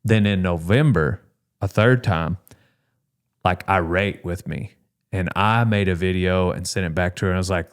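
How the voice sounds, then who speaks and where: A man's voice: low-pitched, normal speed, smooth. A man hosting a podcast, telling a story in casual chat and acting out the quotes with big jumps in his voice. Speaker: podcast host.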